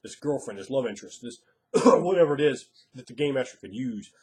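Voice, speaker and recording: A man's voice: medium pitch, animated, fairly quick, a little mellow. A man giving blunt, emphatic advice on tabletop role-playing as a game master, acting out quoted players. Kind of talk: casual advice monologue.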